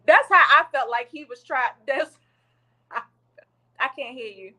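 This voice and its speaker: Chatty storyteller woman, slightly high voice. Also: moderate pace, rough recording. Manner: chatty and animated storytelling, acts out quotes. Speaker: podcast co-host. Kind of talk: casual chat, retelling a viral video.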